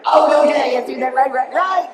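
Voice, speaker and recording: A middle-aged woman giving an energetic, animated motivational keynote to a live audience, often asking the room questions. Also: high voice, fairly quick, raised voice, over a noisy crowd, heavy background noise. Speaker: keynote speaker.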